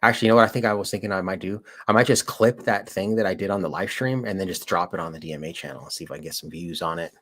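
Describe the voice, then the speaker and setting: Racing along with few pauses, a man with a low, steady, slightly bright voice runs a livestream. He's an auditor living in Colorado, and his talk with viewers is loose and rambling, full of slang like "dude" and "like."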